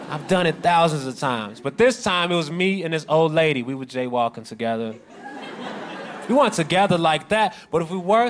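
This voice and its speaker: A man tells a stand-up story in a fairly high voice with dry, sardonic timing. Clear background noise runs under the live recording. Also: moderate pace. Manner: sardonic, conversational, sliding into mocking voices. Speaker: stand-up comedian.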